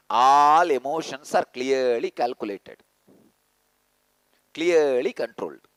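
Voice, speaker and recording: A man's voice: a bit bright, no room sound, low-quality recording. Man, spiritual discourse, insistent, mocking asides, dry close sound. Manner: emphatic and insistent, mimics listeners' excuses in a low mocking voice. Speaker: spiritual teacher. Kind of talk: spiritual discourse to a workshop audience. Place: indoor teaching hall.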